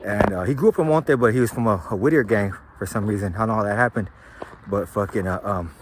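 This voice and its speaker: A quick-talking man with a low voice recounts something that happened to him, set against a noisy background. Hailing from California's San Gabriel Valley, he tells it in a laid-back, loose way, heavy on slang and profanity.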